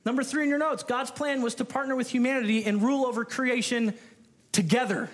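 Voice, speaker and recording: Lively high-pitched preacher man. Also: fairly quick. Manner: animated, playful, acts out the people in the story. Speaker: pastor. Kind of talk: sermon.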